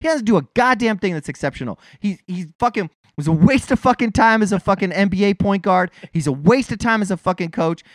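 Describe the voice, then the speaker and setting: A man's voice: high-pitched, animated, a little fast, few pauses, no room sound, studio quality. A man co-hosting a casual chat, ranting heatedly with constant swearing.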